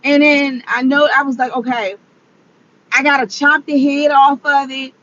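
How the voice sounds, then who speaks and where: Tearful and rambling, a woman confides in her viewers in an emotional vlog, exclaiming and repeating herself as she works through things. Her voice is high and a bit bright, with a level tone and moderate pace, captured on a dull lo-fi recording.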